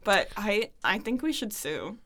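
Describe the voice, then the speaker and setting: A woman co-hosting a podcast in casual chat, playful and quick to laugh. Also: mid-range voice, very animated, a crowd in the background. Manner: laughs a lot, playful comebacks. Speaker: podcast co-host.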